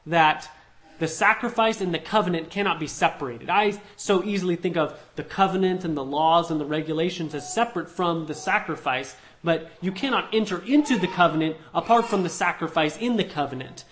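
A man's voice: a little high, a little fast, fairly bright tone, a little hiss or hum. A man co-hosting a conversational Bible study discussion, thinking aloud with frequent ums and restarts as he works through a passage.

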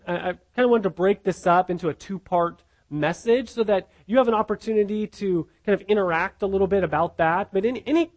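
A man with a high voice leads a Bible lesson in a relaxed sermon style. He talks conversationally, stumbles over repeated words, and checks in with his listeners. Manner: conversational, repeats words, asks the group questions. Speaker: pastor teaching a Bible class. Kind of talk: informal sermon teaching.

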